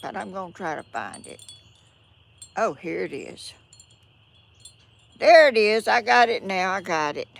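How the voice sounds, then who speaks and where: An older Southern woman from Georgia talks to viewers of her outdoor live stream on a breezy morning, rambling and apologizing into a phone or tablet set on a tripod. Her fairly low voice has lively intonation, vocal fry, and a fairly bright tone at normal speed. There's slight background noise in this casual vlog chat.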